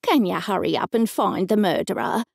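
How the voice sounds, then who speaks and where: An Australian woman voicing an anxious male ghost who pleads slowly and urgently in an audiobook. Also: medium pitch, creaky, slightly rough, no room sound, clean studio sound. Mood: urgent, pleading.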